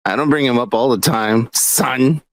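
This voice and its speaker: A man co-hosting a podcast in casual chat, laughing often and jumping into high squeaky imitations. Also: normal speed, no room sound. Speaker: podcast co-host.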